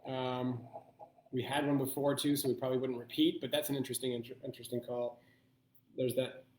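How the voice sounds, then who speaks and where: A man's voice: mid-range voice, little pitch movement, darkish tone, roomy sound, a little hiss or hum. Thoughtful man hosting a wine tasting. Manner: thoughtful, thinking aloud with pauses. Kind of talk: live online blind tasting.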